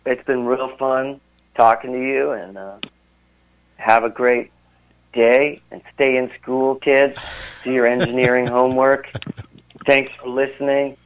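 A man's voice: medium pitch, steady tone, measured pace, long pauses. A man, a musician guest, chatting casually and rambling through a story with many fillers, heard over a phone line. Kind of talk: casual interview chat.

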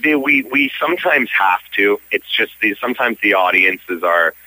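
A man's voice: lowish voice, expressive, moderate pace, bright, forceful tone, low-quality recording. A young man from Canada, a stage actor, chatting easily as an interview guest. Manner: easygoing, frequent restarts. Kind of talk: casual interview.

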